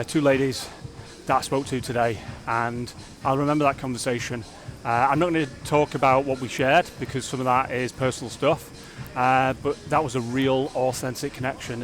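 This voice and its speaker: A man talking casually to camera in a fitness vlog, energetic and rambling, reflecting openly on his days. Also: medium pitch. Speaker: fitness vlogger.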